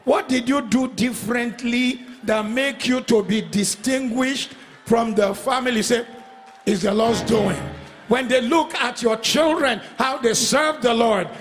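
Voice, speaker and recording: A middle-aged male pastor with a Nigerian accent preaching a fervent sermon, chanting and singing refrains and swinging from loud calls to hushed passages. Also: very high-pitched. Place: church service.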